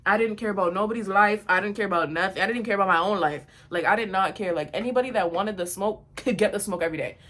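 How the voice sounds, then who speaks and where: A woman's voice: medium pitch, fast, hardly any pauses. Blunt, slangy young woman vlogger. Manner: blunt, slangy, animated storytelling. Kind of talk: storytime vlog.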